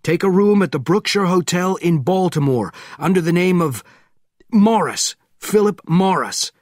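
A man's voice: high-pitched, animated, measured pace, a little mellow, no echo, clean studio sound, pitched above the performer's own voice. A man voicing an anxious middle-aged former spy with a limp, giving urgent commands in a storybook reading.

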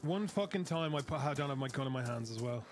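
A man chatting casually with a fellow player, relaxed and loose with swearing. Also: medium pitch, fast talker, slight background noise. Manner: relaxed, swears casually, calls people bro. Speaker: teammate in a survival game. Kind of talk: casual gaming chat.

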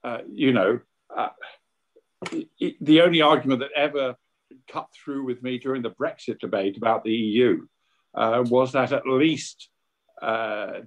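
A British man gives his views in an online book launch discussion. His voice sits at an ordinary pitch, and his points come out firm and opinionated. He breaks them up with frequent fillers and restarts. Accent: British English. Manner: opinionated, hesitant with many fillers. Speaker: essay contributor at book launch.

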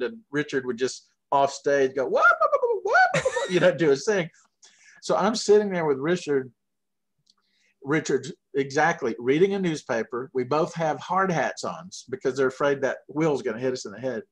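A middle-aged man from Georgia with a Southern accent, telling long, animated anecdotes full of fillers in a casual interview. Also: mid-range voice, normal speed. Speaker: guest puppeteer.

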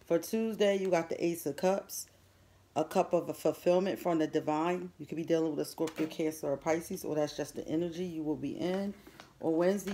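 A woman's voice: lowish voice, mellow, slight background noise. A woman doing a chatty, informal tarot reading, repeating her questions as she goes. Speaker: tarot reader.

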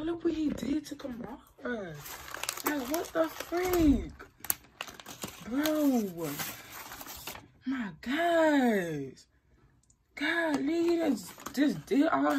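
A young woman vlogging casually to camera, excitable and slangy, often exclaiming in frustration. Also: sits high, very slow, pauses often, a little hiss or hum. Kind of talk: casual prank vlog talk to camera.

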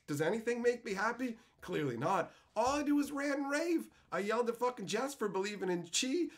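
Thirties male streamer, mock-angry profane ranter, fairly high, very lively voice. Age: 30s. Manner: ranting, profane, mock-angry banter with chat. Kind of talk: live stream chat while opening card packs.

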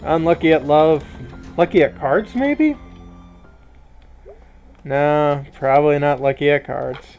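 A man reading a game's dialogue aloud in a let's play, voicing the characters, his pitch jumping high on questions. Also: slow, pauses often, darkish tone, faint music behind. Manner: switches between many character voices, often jumping high for questions.

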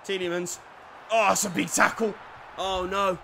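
A young man giving lively commentary over a football video game, dropping to quiet play-by-play and bursting into shouted cheers. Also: sits high, moderate pace, gravelly, slight background noise. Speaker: gaming YouTuber.

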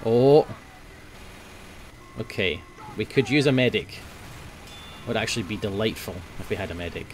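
A young man giving casual gameplay commentary, swearing often and grumbling at his team, quick to flare up. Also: lowish voice, animated, a little hiss or hum. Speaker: gaming video host.

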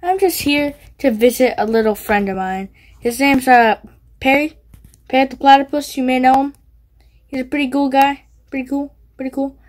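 A woman's voice: high-pitched, moderate pace. A woman giving goofy, teasing gameplay commentary, yelping and squealing when she gets hit. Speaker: gaming video creator.

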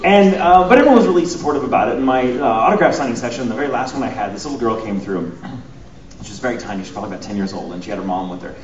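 A man speaking as a voice actor on a convention panel, telling stories with animated, laughing delivery. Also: mid-range voice, racing, lo-fi sound, crowd noise. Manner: animated storyteller, laughs often. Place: hotel convention panel room. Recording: echoey hall, distant, noisy.

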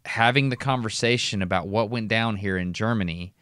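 Lively low-voiced Southern man. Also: brisk, dry recording, studio quality. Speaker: podcast co-host. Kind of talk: casual conversation.

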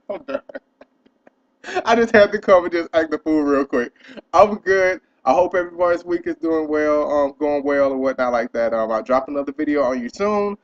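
A young man tells a story straight to camera in a loose, profane, animated rant. His voice sits a little high for a man. The audio is dull and lo-fi. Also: normal speed. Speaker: vlogger. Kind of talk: casual ranting vlog.

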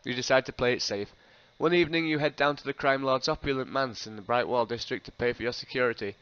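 A man's voice: mid-range voice, quick pace, fairly bright tone, clear, resonant tone. Man reading a text game, laughing asides. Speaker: host. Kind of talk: reading an interactive fiction game aloud. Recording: dull lo-fi recording.

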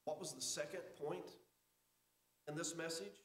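High-voiced preaching pastor in echoey church. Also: male voice, steady tone, unhurried, slight background noise. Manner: preaching with emphatic rises and drops to a hush. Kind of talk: sermon. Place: church sanctuary.

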